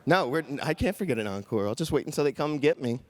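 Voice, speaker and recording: A man's voice: on the high side, expressive, fast. A man doing a stand-up comedy set on a conference stage, chatting with the crowd and acting out quoted voices.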